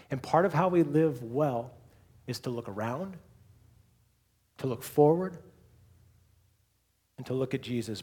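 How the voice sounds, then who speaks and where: Husky-voiced male preacher. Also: mid-range voice, darkish tone. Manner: builds to emphatic repetition, then drops to a near whisper. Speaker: pastor. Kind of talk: sermon.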